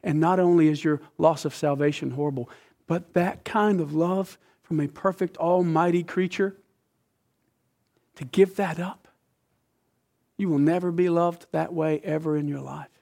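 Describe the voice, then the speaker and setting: A man preaching a sermon with emphasis, dropping from loud phrases to hushed whispers and asking the listeners questions like a teacher. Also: fairly high pitch, fairly even intonation, measured pace, gravelly.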